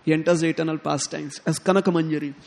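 A man giving a sermon, telling a devotional story in an animated way and acting out the characters' lines. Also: a little high, racing, creaky. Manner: animated, quotes characters in lively tones, chuckles often. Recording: long hall reverb.

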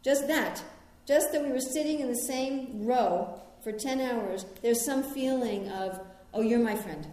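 A middle-aged American woman from New York gives a conversational spiritual talk. She tells personal stories in a gently reflective way. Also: high-pitched, unhurried, hardly any pauses. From New York, United States. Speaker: spiritual teacher. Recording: very echoey room.

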